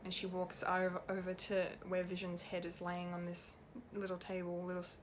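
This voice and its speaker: A woman's voice: lowish voice, completely flat delivery, moderate pace, a little hiss or hum. Rambling, emotional woman reviewing a show. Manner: rambling, emotional, laughs often, swears. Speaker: pop culture reviewer. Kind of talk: unscripted TV episode review.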